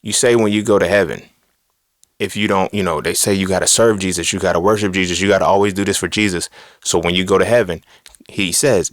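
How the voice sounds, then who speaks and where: Deep voiced guy preaching his take, cussing a lot, dry close sound. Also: steady tone, fast talker, dry recording. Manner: blunt, profane, preachy and rhetorical. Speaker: podcast host. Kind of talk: casual monologue on philosophy and religion.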